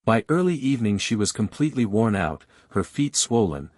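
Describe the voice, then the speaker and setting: An older man, narrating a first-person family story in a measured, reflective way. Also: lowish voice, big pitch swings, darkish tone, no room sound, clean studio sound.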